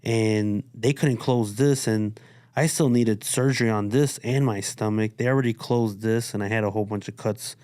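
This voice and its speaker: A man from Chicago talking as a podcast guest, his voice sitting low. He tells his story in a laid-back, casual way, swearing freely and quoting the people around him. The studio sound is dry and close. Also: steady tone, moderate pace, darkish tone, clean tone, no echo. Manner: laid-back, profane, quotes others. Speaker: guest artist. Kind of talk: casual interview talk.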